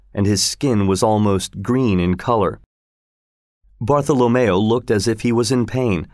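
A man reading a story aloud as the narrator, in a slow, expressive storytelling manner. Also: lowish voice, no room sound, studio quality. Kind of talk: scripted audiobook narration.

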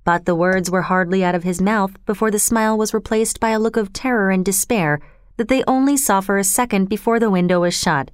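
Clear-voiced woman narrating a book. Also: medium pitch, fairly even intonation, fairly quick, dry recording, studio quality. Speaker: audiobook narrator. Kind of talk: scripted narration.

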